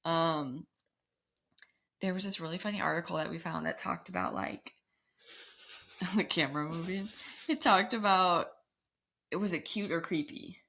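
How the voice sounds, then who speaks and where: A young adult woman co-hosting a podcast, chatting casually and telling stories with animated sarcasm. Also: fairly low pitch, normal speed, vocal fry, pauses often. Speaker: podcast co-host. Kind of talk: casual chat.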